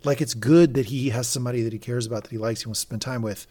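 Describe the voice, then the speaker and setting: A man's voice: mid-range voice, steady tone, racing, dark tone. A man co-hosting a casual recap podcast, acting out character lines with big jumps in his voice. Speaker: podcast co-host recapping a TV episode. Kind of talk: casual chat.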